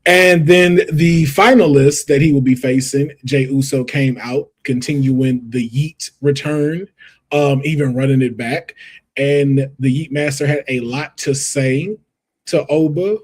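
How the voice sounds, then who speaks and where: A man hosting a wrestling podcast, talking in an animated, emphatic, slangy way in casual chat. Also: mid-range voice, unhurried. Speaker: podcast host.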